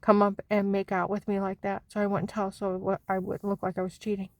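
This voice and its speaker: A woman's voice: medium pitch, monotone, a little fast, no room sound. Agitated woman in a rambling monologue. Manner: agitated, swinging between hushed whispers and loud outbursts. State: anxious and on edge. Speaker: vlogger.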